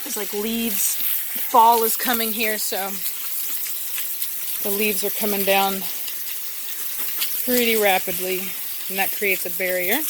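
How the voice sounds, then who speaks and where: A woman's voice: mid-range voice, fairly even intonation, slow, pauses often, noisy background. A woman dog breeder chatting casually while doing outdoor chores, often cooing baby talk to her dogs.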